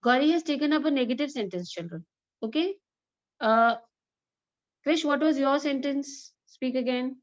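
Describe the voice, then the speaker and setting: Woman, schoolteacher, slightly high voice, patient and encouraging, dull lo-fi audio. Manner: encouraging, repeats example sentences slowly. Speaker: English teacher. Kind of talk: online grammar class with students.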